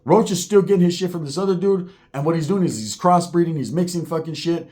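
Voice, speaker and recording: Profane, animated male storyteller. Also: on the high side, fast. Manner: profane, animated, street slang.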